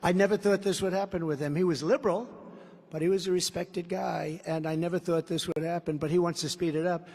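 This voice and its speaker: A man's voice: high voice, steady tone, fairly quick, darkish tone. A man in his seventies from the United States giving a combative, repetitive campaign rally speech at a podium microphone. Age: 70s. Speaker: political candidate. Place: large indoor rally venue. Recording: long arena reverb.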